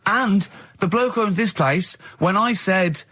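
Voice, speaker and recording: Man, radio host, bright husky voice, lively, teasing banter. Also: sits high, unhurried. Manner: teasing, laughs often, animated. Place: radio studio.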